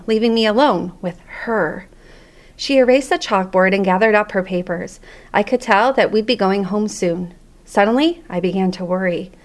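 A woman's medium-pitched voice brings a children's audiobook to life, her narration lively and full of expression.

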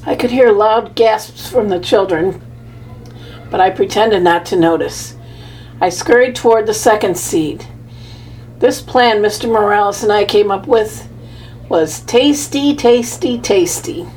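A woman narrating a children's storybook in the first person, with a measured, lively telling. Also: mid-range voice, a little hiss or hum, rough recording. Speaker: audiobook narrator.

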